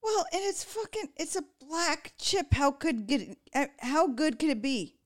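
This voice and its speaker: A woman's voice: high voice, sing-song, measured pace. A woman co-hosting a podcast who talks in a blunt, profane, matter-of-fact way. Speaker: podcast co-host. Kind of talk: casual chat.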